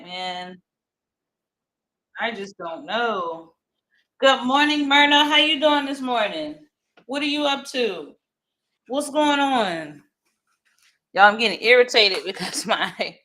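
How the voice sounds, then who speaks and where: A woman from Louisiana hosting a casual morning live stream, chatty and warm with viewers, greeting them by name and laughing often. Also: mid-range voice, a little hiss or hum.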